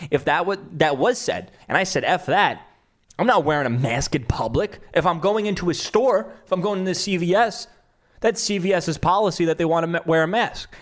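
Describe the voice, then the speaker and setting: A man giving reaction commentary, talking it through with frequent restarts. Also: high-pitched.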